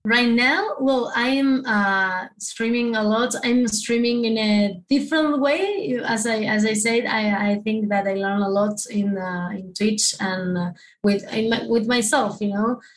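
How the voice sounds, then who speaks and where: Halting, word-searching woman guest. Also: a little high, steady tone, low-quality recording. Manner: halting, with many restarts and searches for words. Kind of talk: casual interview chat.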